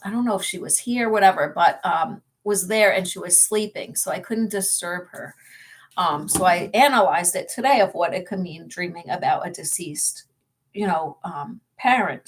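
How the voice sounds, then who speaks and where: A woman co-hosting a ghost-hunting channel, chatting in a casual vlog update, laughing often and filling her story with fillers. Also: on the low side.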